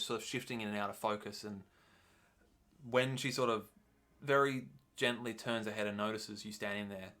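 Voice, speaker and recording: A man narrates a tabletop game as its game master, his voice a touch low but bright and forward. He hedges often, filling gaps with ums and "sort of" as he describes the scene. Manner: hesitant, lots of ums and "sort of".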